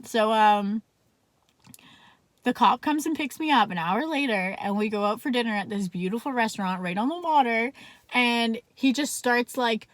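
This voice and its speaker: A woman's voice: a little high, normal speed, no room sound. Chatty young woman telling a story. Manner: chatty, fills speech with "like", swears freely. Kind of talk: casual storytime vlog.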